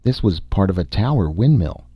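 A man's voice: low voice, lively intonation, moderate pace, husky, no echo. A man reading a nervous, shortsighted male explorer in an audiobook, murmuring his lines. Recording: dull dry recording.

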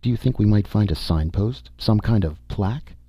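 Brisk, soft-spoken female explorer for a sci-fi audiobook, voiced by a husky male reader. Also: on the low side, animated, dry recording, pitched above the performer's own voice. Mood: calm. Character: calm capable woman explorer in a pressure suit. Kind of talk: audiobook dialogue. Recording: dull dry recording.

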